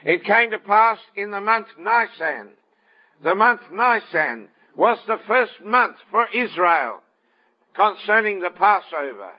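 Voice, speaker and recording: A man delivering a sermon in a high-pitched voice. He tells the story vividly and acts out the dialogue as he goes. The recording sounds dull and lo-fi. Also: expressive, slow pace. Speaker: preacher.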